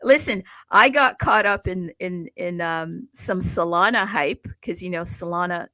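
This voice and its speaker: A woman hosting a casual online chat, talking in a chatty, animated way with many restarts. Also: on the low side, a little slow, no echo, rough recording. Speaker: host.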